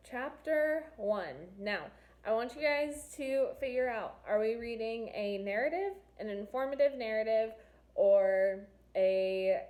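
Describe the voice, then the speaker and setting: A woman's voice: medium pitch, a little mellow. A woman teacher reading a novel aloud to her class, stopping to quiz students and explain figures of speech in a chatty way. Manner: chatty, asks students questions, pauses to explain figurative language.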